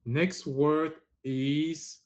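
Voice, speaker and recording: With a voice on the high side, a flat delivery and drawn-out words, a man hosts a playful French pronunciation game on a live stream and teases players as he calls them up. It's recorded through the live-stream app, and the audio is dull and lo-fi.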